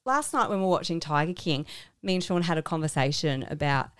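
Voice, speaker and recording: A woman in her thirties co-hosts a casual podcast chat. She tells stories animatedly, acting out quoted voices. Her voice is a touch low and smooth, recorded close and dry. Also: expressive, a little fast, no room sound. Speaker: podcast co-host.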